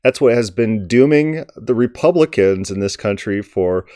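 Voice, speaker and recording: A man giving combative political commentary in an emphatic, forceful way. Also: fairly low pitch, lively intonation, moderate pace, dry recording, studio quality.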